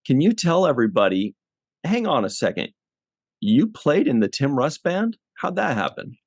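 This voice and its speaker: A man's voice: medium pitch, big pitch swings, moderate pace, no echo, studio quality. A man hosting a casual podcast, asking questions and teasing his guests. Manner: joking, teasing. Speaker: podcast host.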